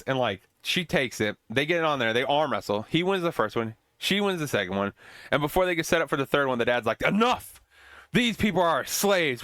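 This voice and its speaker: A man's voice: mid-range voice, fairly bright tone, dry recording, studio quality. A man hosting a podcast, recapping an old film in a casual, rambling way with swearing and joking asides. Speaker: podcast host.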